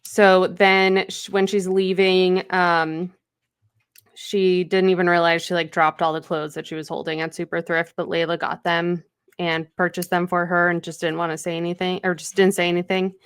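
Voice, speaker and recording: A woman's voice: fairly low pitch, level tone, moderate pace, clear, resonant tone, dry recording. A woman co-hosting a podcast, casually retelling a novel's chapters with lots of fillers. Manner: chatty retelling with many fillers and acted quotes. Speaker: podcast co-host. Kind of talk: casual book recap.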